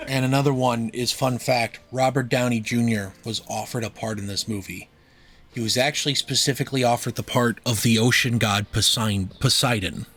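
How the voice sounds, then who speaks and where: A man's voice: medium pitch, fairly even intonation, moderate pace, a bit bright. A man co-hosting a podcast, sharing fun facts in casual film talk, swearing freely and laughing. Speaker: podcast co-host.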